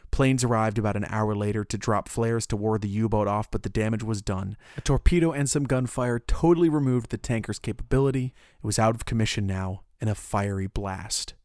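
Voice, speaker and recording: A man's voice: on the low side, a little mellow, dry recording, studio quality. A man narrating history in a casual, conversational way, with joking asides.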